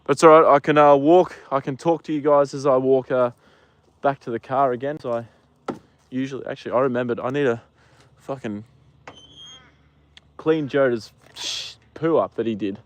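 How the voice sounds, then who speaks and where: A man with an Australian accent, livestreaming from a paddock on his phone, chatting casually with viewers and talking gently to the horses. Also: medium pitch, normal speed, long pauses. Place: outdoor paddock.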